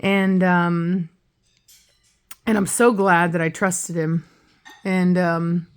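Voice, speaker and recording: A woman's voice: flat delivery, slow pace, clear, resonant tone, faint music behind. A woman in her late thirties chatting casually in a vlog, rambling and candid, with many fillers and restarts, and now and then cooing to her pet bird. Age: late 30s. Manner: coos in a high, soft baby-talk voice to her bird. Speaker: vlogger and pet bird owner.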